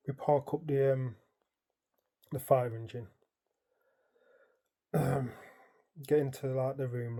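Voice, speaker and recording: A man tells his dream in a loose, rambling way, leaning on "like" and "um" as he goes. His voice is mellow and soft-edged, and he tells it in an easy, casual way. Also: medium pitch. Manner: rambling, animated retelling full of "like" and "um"; colloquial, storytelling present tense. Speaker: dream vlogger. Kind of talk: casual storytelling.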